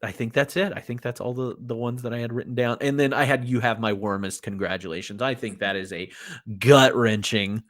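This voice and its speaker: A man's voice: mid-range voice, fairly quick. Casual man chatting about films. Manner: animated, quotes lines in put-on voices, swears. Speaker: podcast co-host. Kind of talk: casual film review chat.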